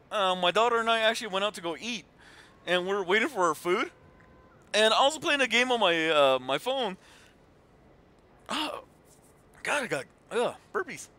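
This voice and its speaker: Guy streaming, high voice that jumps all over, rambly with lots of ums. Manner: rambling, lots of fillers and restarts; animated retelling with voiced quotes. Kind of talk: casual chat while gaming.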